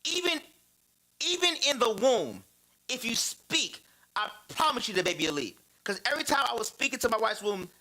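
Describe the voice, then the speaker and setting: Bright-voiced man preaching with lively stories. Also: very high-pitched, moderate pace, low-quality recording. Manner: animated, laughing, repeats phrases for emphasis. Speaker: church speaker on fatherhood.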